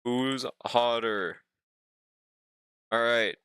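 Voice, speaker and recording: Bright, crisp young male streamer. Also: medium pitch, steady tone, drawn-out words, no echo. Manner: laid-back, joking, talks to chat, swears casually. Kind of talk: casual live-stream chat.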